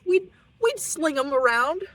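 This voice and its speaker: A woman's voice: high voice, sing-song, measured pace, fairly bright tone, no echo, low-quality recording. A young woman chatting to camera from her parked car, rambling and self-deprecating with giggles. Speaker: vlogger. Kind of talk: casual rambling monologue.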